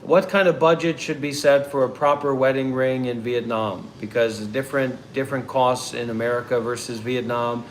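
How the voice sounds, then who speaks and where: A man's voice: medium pitch, steady tone, moderate pace, few pauses, slight background noise. A man who hosts a meditation channel, asking questions in a casual, rambling, repetitive way with frequent restarts. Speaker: meditation teacher, channel host.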